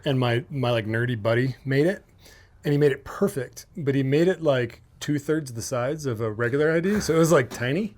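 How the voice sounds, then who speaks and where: A man's voice: medium pitch, a little fast. A middle-aged man from Minnesota telling a wild story in casual chat, swearing and acting out the voices he quotes. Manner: animated, swearing, acts out quotes in raised voice. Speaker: podcast host.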